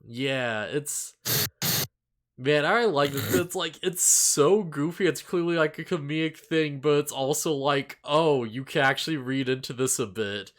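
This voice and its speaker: Speaking a little slowly in a fairly bright, somewhat high voice, a podcast co-host rambles casually about anime with plenty of fillers and upbeat asides. A face cam with a desk mic records him.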